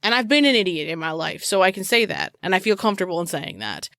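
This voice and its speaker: A woman's voice: on the low side, very animated, quick pace, sharp tone, no room sound, clean studio sound. A woman co-hosting a true crime podcast, blunt and sarcastic in casual chat. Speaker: podcast co-host.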